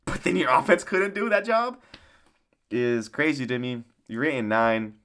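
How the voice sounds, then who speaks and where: A man rants through a casual sports season recap, swearing freely and rambling from point to point. His mocking delivery breaks into laughter often. His voice sits at an ordinary middle pitch. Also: expressive, moderate pace, fairly bright tone. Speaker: sports commentator.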